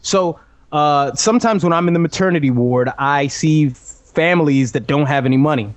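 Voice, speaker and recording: A man's voice: fairly high pitch, normal speed, dry recording. A man ranting in a casual podcast chat, opinionated and swearing. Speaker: podcast host.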